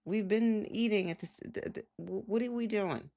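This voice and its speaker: A woman's voice: medium pitch, normal speed, gravelly, dark tone. A young adult woman live streamer chatting casually, rambling with lots of "like" fillers and laughs. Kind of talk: casual chat.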